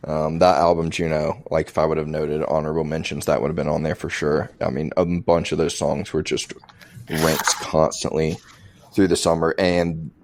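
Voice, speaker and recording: Young guy with a super deep voice on a podcast, blunt, swears constantly. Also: darkish tone. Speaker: podcast co-host. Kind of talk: casual chat.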